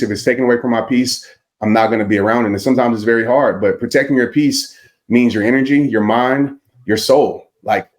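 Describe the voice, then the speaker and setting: A man who works as a motivational speaker, a podcast guest telling a personal story in an earnest, reflective way. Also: medium pitch. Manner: earnest and reflective, with vivid retelling.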